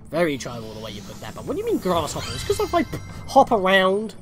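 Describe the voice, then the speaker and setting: A man's voice: high voice, huge pitch swings, fast talker. Chatty young man narrating gameplay. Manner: rambling, chatty, self-correcting. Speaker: video game walkthrough host. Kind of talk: casual gameplay commentary. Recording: game music faintly behind.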